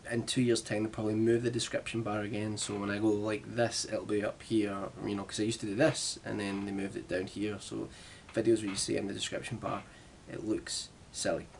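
A man's voice: on the low side, little pitch movement, fairly quick, gravelly, hardly any pauses, a little hiss or hum. A young man with a Glaswegian Scottish accent, chatting casually to camera in a self-deprecating, rambling way. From Glasgow, Scotland. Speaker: vlogger. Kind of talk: casual vlog chat.

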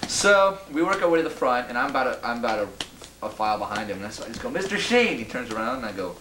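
A man's voice: mid-range voice, very fast, a bit bright. A middle-aged man casually telling a rambling anecdote to friends, laughing and acting out what people said. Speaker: storyteller. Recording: roomy, distant, noisy home recording.

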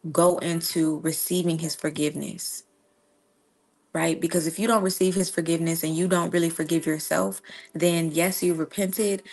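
A young woman speaks in an earnest, conversational way, often checking in with "right?". Her voice sits a little low and has a gravelly, fried edge. It sounds like a casual devotional livestream. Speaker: Christian livestream host.

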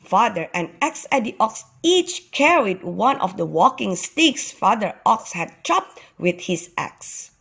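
A woman, a kindergarten teacher, reading a children's story aloud with slow, expressive storytelling. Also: mid-range voice, gravelly, breathy edge.

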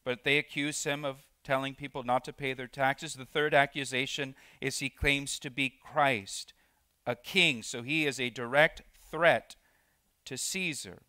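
A man's voice: mid-range voice, fairly even intonation, measured pace, pushed and bright, clear, resonant tone, dry recording. A man preaching a verse-by-verse sermon as pastor, sometimes acting out quoted lines and repeating words as he restarts. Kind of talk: expository sermon. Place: church sanctuary.

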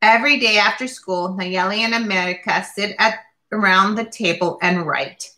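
A woman reading a picture book aloud, going slowly and stopping to describe the pictures. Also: mid-range voice, sharp tone. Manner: slow and deliberate, pausing to describe the pictures. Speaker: reader.

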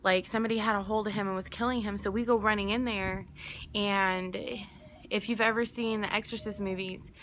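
Young woman, bright voice, rambling storytelling, faint hiss behind. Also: mid-range voice. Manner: rambling, digressive, emphatic. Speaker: vlogger telling a personal story. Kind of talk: casual storytelling to camera.

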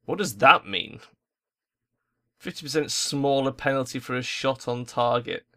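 Young guy ranting and swearing over a football strategy game, bright edgy voice. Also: mid-range voice, unhurried. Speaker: gaming YouTuber. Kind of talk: gameplay commentary.

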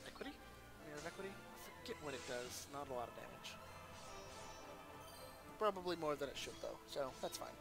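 A man's voice: on the high side, animated, brisk, creaky, pauses often, over music. A man hosting a let's play, giving casual gameplay commentary and thinking aloud with chatty asides.

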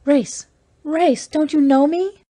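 A woman's voice: a little fast, warm tone, natural voice. A woman doing a distraught young woman pleading. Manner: high, strained, breaking pleas.

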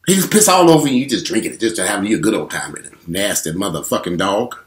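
A man in his forties telling a candid, profane story straight to his viewers in an animated way. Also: fairly low pitch, quick pace. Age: 40s. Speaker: vlogger.

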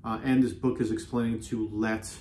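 A man hosting a self-help video, talking earnestly in a casual motivational way, often repeating himself and slowing down on key phrases. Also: on the low side, flat delivery, a little mellow, slight background noise. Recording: roomy echo.

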